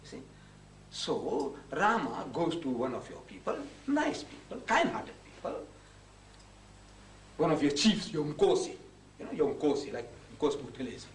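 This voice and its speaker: Animated man lecturing. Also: on the high side, moderate pace, a little hiss or hum. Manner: animated anecdotal storytelling with mimicked dialogue. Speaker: Islamic preacher and lecturer. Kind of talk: storytelling public lecture. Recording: roomy hall recording from far off.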